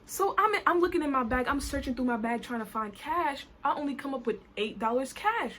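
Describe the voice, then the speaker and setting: A woman from New Jersey telling a story time vlog in an animated, colloquial way, full of "I was like". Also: high-pitched, a little fast, a little hiss or hum. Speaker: vlogger.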